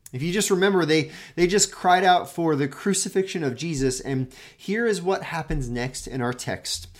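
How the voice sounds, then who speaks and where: A pastor giving a daily devotional, reading scripture with dramatic swings between loud and hushed and often repeating words as he searches for phrasing. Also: on the high side. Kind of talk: daily devotional Bible teaching.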